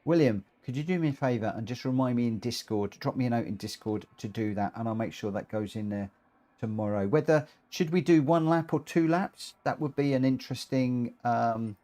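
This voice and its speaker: A man hosting a live racing game stream, talking excitedly and rambling, often tripping over his own words. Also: mid-range voice, a little fast.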